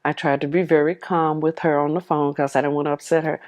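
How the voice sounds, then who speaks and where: A woman's voice: low-pitched, level tone, quick pace, darkish tone, highs cut off. A woman telling her life story to the camera, heartfelt and vivid, replaying old conversations as dialogue. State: tearful at moments.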